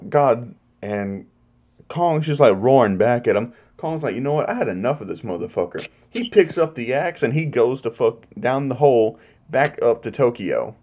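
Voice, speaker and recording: Man, movie reviewer, casual spoiler talk, heavy swearing, animated retelling. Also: medium pitch, measured pace, muffled recording. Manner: profane, animated plot retelling.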